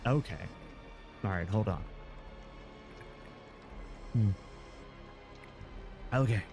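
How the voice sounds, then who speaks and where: A man's voice: lowish voice, very slow, soft background music. A man streaming a game live, commenting as he plays, often yelping and exclaiming in surprise. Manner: excitable, yelps and exclaims often.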